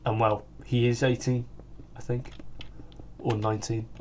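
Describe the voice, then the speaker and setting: A man's voice: mid-range voice, little pitch movement, a little slow, a little mellow, a little hiss or hum. A sixteen-year-old boy with a British accent, chatting in a rambling way while he plays, full of "like" and restarts. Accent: British English. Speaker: gaming channel host. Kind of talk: casual chat while gaming.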